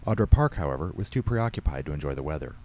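A man, the author, reading his own short story aloud in measured storytelling narration. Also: rumbling low, animated, warm tone, a little hiss or hum, rough recording. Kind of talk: scripted narration.

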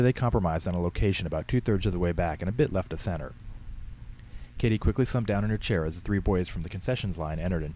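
A man narrating a story in a dry, even manner. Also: deep voice. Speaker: audiobook narrator. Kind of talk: scripted narration.

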